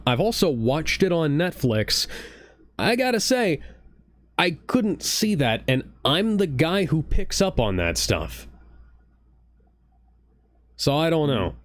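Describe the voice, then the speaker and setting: A man's voice: fairly high pitch, sing-song, slow pace, long pauses, no room sound. Earnest rambling man, dry sound. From Ohio. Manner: rambling, restarts often, earnest. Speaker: podcast co-host. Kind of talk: casual reaction chat. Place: home streaming setup.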